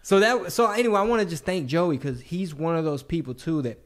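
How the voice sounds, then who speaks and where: A man hosting a podcast in casual chat, telling relaxed stories about his start in comedy. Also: on the high side, fairly quick, slight background noise. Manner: relaxed, chatty, tells his own stories. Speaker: podcast host.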